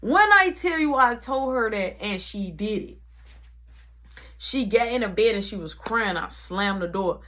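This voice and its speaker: A woman telling a long personal story in a casual, animated way, full of slang and punchy sound words. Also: medium pitch, a little slow.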